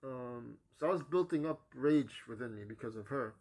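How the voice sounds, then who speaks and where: This vlogger, a young man, shares a personal testimony in a halting manner, full of pauses and fillers. At the ends of phrases his voice fades, becoming soft and low.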